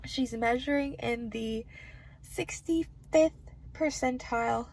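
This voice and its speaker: A woman vlogging from a hospital room as a pregnancy vlogger, chatting to camera in a bubbly, gushing, excitable way. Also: a little high, takes it slowly, vocal fry. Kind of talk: casual chat to camera.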